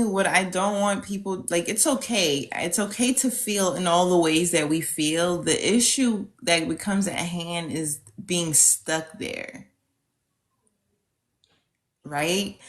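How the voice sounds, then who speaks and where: A woman's voice: mid-range voice, a bit bright. A woman guest on a podcast, talking in a reflective, thoughtful way in loose run-on phrases. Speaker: podcast guest, end-of-life specialist. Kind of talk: casual podcast conversation.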